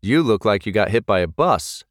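A male narrator voicing a steady, earnest teenage boy leader in an audiobook. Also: fairly low pitch, normal speed, no room sound, clean studio sound, lightly acted.

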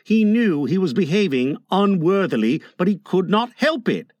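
A man narrating an audiobook in an expressive, playful storytelling manner. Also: high-pitched, moderate pace, no echo.

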